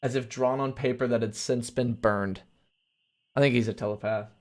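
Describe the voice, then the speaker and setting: A man reading a gamebook aloud on a live stream, mixing steady narration with casual, crude asides. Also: medium pitch, moderate pace. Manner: casual and crude, reads narration then chats.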